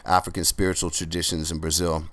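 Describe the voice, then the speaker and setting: A man, a podcast guest, telling relaxed, rambling anecdotes in casual talk with many fillers. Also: deep voice, quick pace, dry recording. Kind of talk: casual storytelling in a podcast interview.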